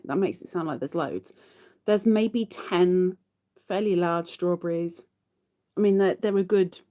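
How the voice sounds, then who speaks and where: A woman's voice: lowish voice, mellow. A woman hosting a live crochet stream, chatting casually to viewers while she counts her stitches.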